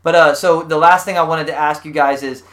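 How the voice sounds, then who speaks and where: Texan man, podcast co-host, easygoing slangy chat, voice a touch high. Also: steady tone, fairly quick, a bit bright. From Texas. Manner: laid-back, says dude and man a lot. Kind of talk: casual chat.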